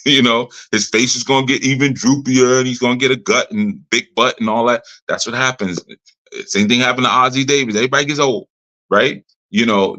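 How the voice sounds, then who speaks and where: A man's voice: on the low side, sharp tone. A middle-aged man teaching a ministry audience in a direct, conversational way, repeating his points for emphasis. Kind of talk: informal teaching talk.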